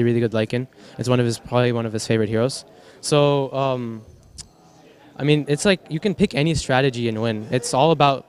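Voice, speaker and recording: Young male pro gamer, mid-pitched, chatty post-match interview, rambling, swears freely. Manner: rambling, with frequent restarts and casual swearing. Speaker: professional esports player.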